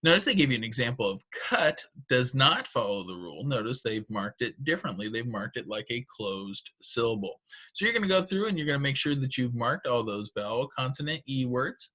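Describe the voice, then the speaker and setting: A man's voice: mid-range voice, sing-song, fairly quick, pushed and bright. A male teacher giving patient, step-by-step instructions in a recorded phonics lesson for children and their parents.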